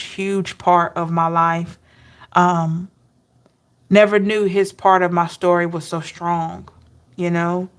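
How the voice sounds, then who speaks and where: A woman tarot reader sharing personal memories in a slow, emotional, heartfelt way, with soft hums between thoughts. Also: fairly low pitch. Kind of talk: personal reflective talk.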